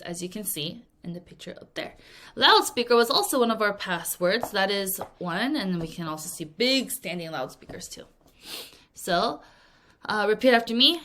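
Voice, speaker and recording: Woman, english vocabulary teacher, bright clear voice, very lively pitch, playful, acts out examples. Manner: laughs often at her own acting. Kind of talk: recorded vocabulary lesson for young students.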